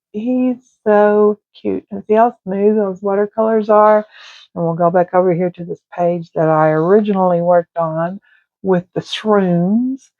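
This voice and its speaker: Coloring as she talks, a woman who hosts an art channel rambles casually and occasionally slips into murmurs. She speaks at a fairly low pitch with vocal fry, and the tinny, phone-like audio is dry with no room sound.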